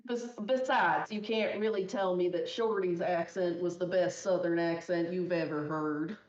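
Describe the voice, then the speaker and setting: A woman's voice: lowish voice, fairly even intonation, normal speed. A woman commentating casually and wryly while running a game. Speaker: speedrunner. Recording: dull echoey recording.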